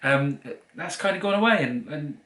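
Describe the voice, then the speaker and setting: A man's voice: a little high, lively intonation, moderate pace, fairly bright tone, roomy sound. A man from Norfolk whose mild Norfolk accent has faded toward London English, chatting casually with dry humour and plenty of ums. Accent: mild Norfolk fading into London English. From Norfolk, England. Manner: easygoing, dry humour, many "um"s. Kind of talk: casual Q&A chat.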